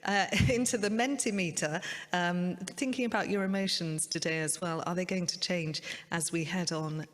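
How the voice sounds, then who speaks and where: A woman's voice: on the low side, fairly even intonation, normal speed, big-room sound. A woman hosting an online community funding conference over a video call, speaking in an upbeat, enthusiastic way. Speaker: event host.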